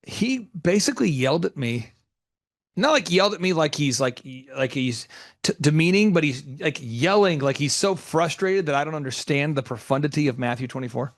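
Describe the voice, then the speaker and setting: A man's voice: on the high side, animated, normal speed, no room sound, clean studio sound. A man hosting a business coaching show, talking emphatically and rambling through stories with many restarts. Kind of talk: energetic coaching talk.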